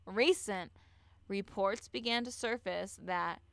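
On her podcast, the host unpacks a true-crime story casually, swearing as she likes and acting out those involved. Her smooth, crisp voice is medium in pitch and a bit bright, and she takes a slow pace. The audio is recorded close and dry, with no echo.

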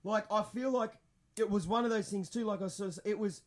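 A young man with a notably high voice tells a wild story in loose, profane podcast banter. He talks in quick bursts and swears in nearly every sentence. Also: steady tone. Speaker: podcast co-host. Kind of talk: casual storytelling chat.

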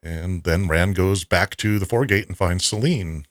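A man co-hosting a podcast, casually recapping scenes and quoting dialogue in a quick, chatty way. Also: low-pitched, no room sound, clean studio sound. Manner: recaps scenes and quotes dialogue at a fast clip. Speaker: podcast co-host. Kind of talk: casual chat recapping a TV episode.

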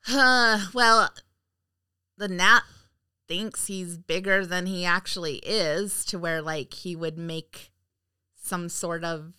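Slow-talking bright-voiced woman podcast co-host. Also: on the low side, steady tone, smooth, no echo. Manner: hesitant, thinks aloud while answering. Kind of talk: casual chat.

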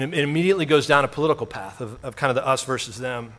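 A man's voice: mid-range voice, quick pace, few pauses, a bit bright. A male pastor preaching a sermon in a conversational storytelling way, with self-deprecating humor.

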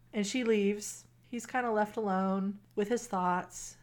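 A woman co-hosting a casual podcast, retelling a romance novel's plot in an animated way and acting out the characters' lines. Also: mid-range voice, measured pace. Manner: animated retelling, quoting characters, laughs often. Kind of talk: casual chat.

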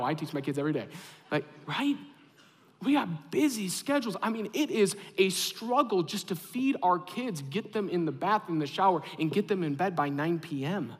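High-voiced man preaching in an echoey hall. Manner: animated, conversational with asides to the congregation. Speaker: pastor. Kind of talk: sermon.

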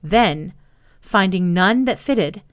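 A woman storyteller reading an old children's story aloud, expressive and animated. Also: mid-range voice, takes it slowly.

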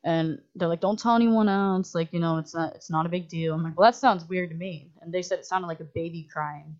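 Woman director as podcast guest, low-ish voice, animated and swearing, dull lo-fi sound. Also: brisk. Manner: animated, profane, full of "like" fillers, acts out others' lines. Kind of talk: casual storytelling in a podcast chat. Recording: muffled lo-fi audio.

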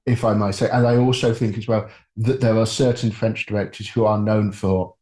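A man in casual film discussion, measured and hedging, politely choosing his words. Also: on the low side, little pitch movement, darkish tone, roomy sound. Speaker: podcast co-host.

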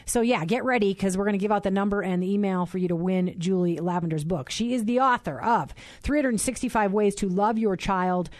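A woman's voice: medium pitch, a little fast, hardly any pauses, darkish tone, no echo, studio quality. A woman in her forties hosting a Christian radio talk show, chatty and bubbly, laughing often. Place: radio studio.

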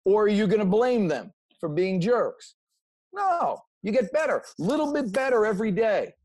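A man being interviewed, giving energetic, preachy motivational advice in casual talk. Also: high voice, normal speed. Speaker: interview guest, sales motivator.

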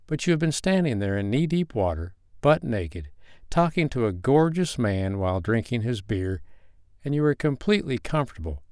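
A man narrating a second-person erotic story in a calm, steady way. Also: medium pitch, dry recording, studio quality.

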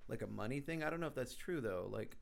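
A man co-hosting a podcast, telling stories in an animated, casual way and laughing often. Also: mid-range voice, fast talker, creaky. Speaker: podcast co-host. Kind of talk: casual chat.

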